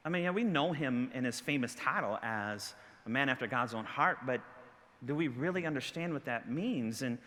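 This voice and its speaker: A middle-aged male pastor preaching a sermon, telling a story with self-mocking humor and bursts of shouting. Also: mid-range voice, expressive, moderate pace, big-room sound. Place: church sanctuary.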